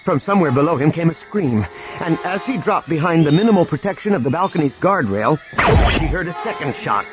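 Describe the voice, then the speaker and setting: Expressive male audiobook narrator. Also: on the high side, brisk. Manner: dramatic, expressive reading. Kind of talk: scripted narration. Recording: dull lo-fi recording with music.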